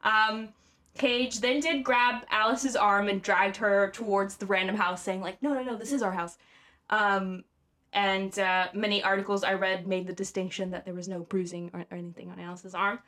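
A woman's voice: medium pitch, little pitch movement, moderate pace, a bit bright. A young woman hosting a podcast, telling a story in casual chat, filling her talk with "like" and "um" and laughing often. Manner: chatty, lots of "like" and "um", laughs often. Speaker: podcast host.

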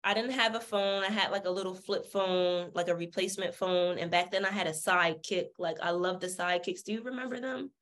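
Sassy, animated woman. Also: fairly low pitch, a little fast, few pauses. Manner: sassy, animated, swears freely, acts out the people she quotes. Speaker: podcast guest. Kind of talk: candid storytelling.

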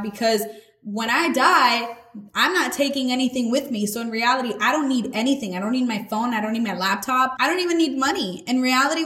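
A woman's voice: fairly high pitch, fairly bright tone. A woman hosting a podcast, giving a casual, earnest faith talk in a conversational, slangy way. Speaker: podcast host. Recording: echoey room.

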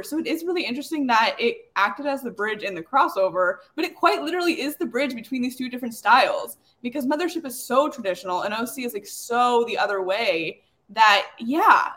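Lively, high-voiced woman co-host. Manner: lively, with many 'like' fillers. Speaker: podcast co-host. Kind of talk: casual chat.

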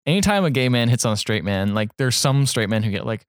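A man's voice: mid-range voice, expressive, fast, clear, resonant tone, no room sound, studio quality. A young man co-hosting a podcast, rambling casually through a movie plot and acting out the characters' lines. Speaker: podcast co-host. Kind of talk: casual movie recap chat.

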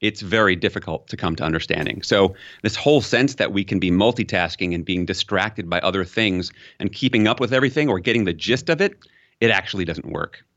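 Explanatory low male guest. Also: animated, brisk, fairly bright tone, muffled recording. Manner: explanatory, uses examples, rises in pitch for emphasis. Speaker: communication expert guest. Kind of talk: interview conversation.

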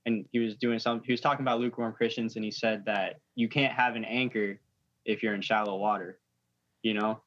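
A man's voice: fairly low pitch, steady tone, a little fast, fairly bright tone, dull audio. A man in a casual faith discussion, speaking in a matter-of-fact way.

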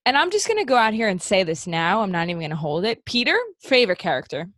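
A woman in casual podcast chat, chatty and quick to laugh, retelling a film's scenes. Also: medium pitch, sing-song, fairly bright tone, dry recording, studio quality. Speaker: podcast co-host. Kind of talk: casual movie recap chat.

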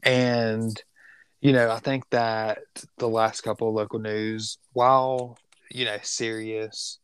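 Slow, smooth-voiced podcast co-host. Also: medium pitch, level tone, no room sound. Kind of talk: casual podcast chat.

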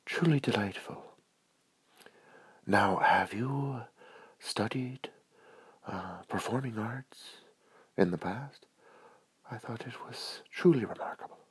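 A man voicing a refined admirer who speaks in a soft, breathy, fawning way, higher than his own voice. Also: slow pace, long pauses, no room sound, full character voice. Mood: gushing.

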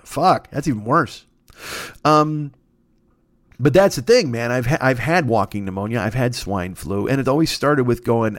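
A man's voice: mid-range voice, normal speed, no echo, clean studio sound. A man hosting a podcast, in a rambling, profane comedic monologue that trips over itself and keeps swearing. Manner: rambling, self-interrupting, swears constantly. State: recovering from a cold. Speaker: podcast host.

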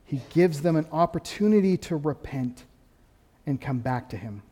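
A man's voice: fairly high pitch, normal speed, slightly rough. Man preaching in a reverberant hall. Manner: animated preaching, rising and dropping to quiet emphasis. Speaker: pastor. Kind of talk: sermon.

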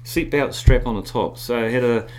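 A man's voice: mid-range voice, moderate pace, darkish tone, a little hiss or hum. A man, chatting through a personal anecdote as an interview guest and repeating words as he recalls. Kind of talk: casual anecdotal storytelling.

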